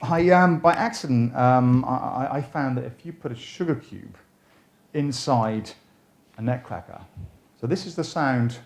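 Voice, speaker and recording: A man's voice: medium pitch, a little slow. A man lecturing fellow magicians in a chatty, jokey way, often restarting his sentences. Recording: echoey room.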